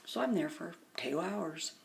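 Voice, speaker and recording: A middle-aged woman with a low, gravelly voice recounts her day in a loose, rambling way, worn out and often sinking to a near whisper. It is recorded on a phone, with faint noise behind her. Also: lively intonation, a little slow. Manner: often drops to a hushed half-whisper. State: tired. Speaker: vlogger. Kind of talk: casual rambling storytelling. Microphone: phone camera.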